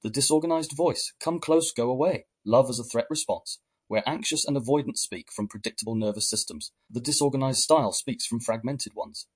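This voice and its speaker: A man hosting a podcast, giving measured, reflective scripted narration. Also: medium pitch, husky. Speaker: podcast host.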